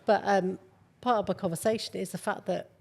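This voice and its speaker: A woman's voice: medium pitch, fairly quick, vocal fry. A middle-aged woman, a model, speaking candidly as a guest in a conversational interview. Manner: candid, animated storyteller.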